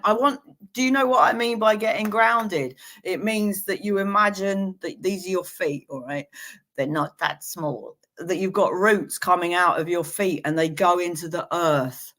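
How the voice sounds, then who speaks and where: Woman, psychic medium, live stream reading, gentle and reassuring, playful asides. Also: mid-range voice, measured pace.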